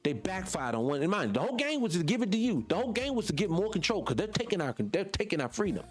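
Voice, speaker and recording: A man with a Southern US accent hosting a radio show, talking off the cuff in an animated, preachy way, firing rhetorical questions and swearing casually. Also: high-pitched, quick pace. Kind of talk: off-the-cuff monologue.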